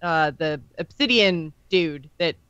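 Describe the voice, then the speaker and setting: A woman co-hosting a podcast with a bright, sharp voice. She laughs easily and trails off with ums. The recording is dry and slightly muffled. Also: low voice, clean tone, dry recording. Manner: quick, laughing, hesitant with ums. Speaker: podcast co-host. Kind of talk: casual podcast discussion.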